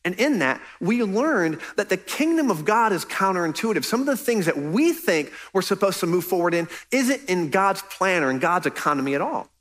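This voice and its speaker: A man's voice: high-pitched, big pitch swings, moderate pace, few pauses, fairly bright tone. A man preaching a sermon as pastor, earnest and conversational, pressing his points with emphasis.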